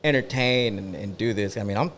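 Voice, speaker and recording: A man's voice: fairly low pitch, a little fast, a bit bright, slight background noise. A man in his thirties from Oklahoma City, a DJ talking casually as a podcast guest in a laid-back, slangy way with frequent restarts. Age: 30s. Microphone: podcast studio mic.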